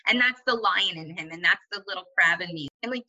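A woman's voice: mid-range voice, expressive, brisk, sharp tone. Candid, dramatic young woman, lo-fi sound. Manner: candid, dramatic and self-mocking. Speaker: podcast guest. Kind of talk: casual chat.

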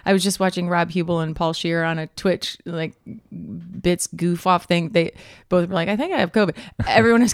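A woman's voice: on the low side, dry recording, clean studio sound. A woman in her thirties co-hosting a podcast, chatting animatedly and telling stories, full of fillers and laughs. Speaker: podcast co-host. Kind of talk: casual chat.

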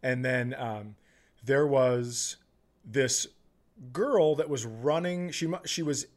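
A man's voice: mid-range voice, takes it slowly. A man hosting a podcast, chatting casually and telling a profane story while acting out quotes. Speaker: podcast host.

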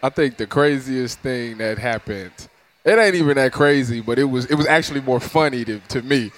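A man's voice: medium pitch, normal speed. A man in his thirties, a former player, telling stories in casual slang and often laughing as he talks. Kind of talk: casual sports chat.

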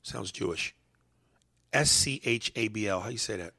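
A man's voice: lowish voice, normal speed, bright, forceful tone, no echo. A man hosting a podcast, talking in loose, profane, joking banter and reading out listener mail. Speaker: podcast host. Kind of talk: casual podcast chat.

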